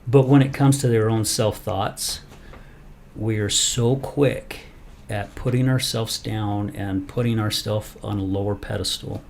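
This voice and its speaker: A man hosting a podcast in casual chat, telling a story with animated energy and acting out the quoted lines. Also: lowish voice, unhurried, vocal fry, slight background noise. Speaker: podcast host.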